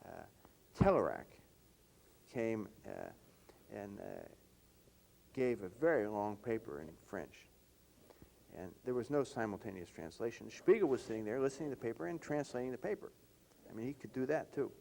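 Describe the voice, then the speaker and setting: An older man interviewing a colleague, telling anecdotes in an animated, reminiscing way. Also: lowish voice, moderate pace, vocal fry, a little hiss or hum. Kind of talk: reminiscing conversation.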